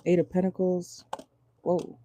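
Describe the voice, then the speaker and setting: A tarot reader doing a casual reading from inside a car, pausing often while channeling, swearing and laughing nervously. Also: medium pitch, flat delivery, mellow, slight background noise.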